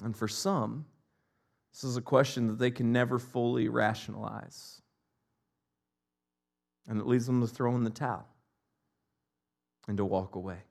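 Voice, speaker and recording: A male pastor preaching a sermon, swinging between loud impassioned cries and hushed, almost whispered lines. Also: mid-range voice, fairly even intonation, measured pace, creaky, long pauses.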